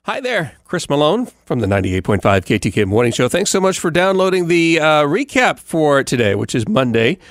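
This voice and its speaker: A man's voice: a little high, sing-song, a little fast, hardly any pauses, no echo, studio quality. A man who hosts a morning radio show, giving a casual rambling recap with many fillers and restarts. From United States. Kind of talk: casual podcast recap monologue.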